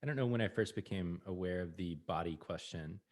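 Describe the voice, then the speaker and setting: A man's voice: low voice, a little fast. A man co-hosting a podcast in casual conversation, earnest and acting out his own inner voice. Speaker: podcast co-host.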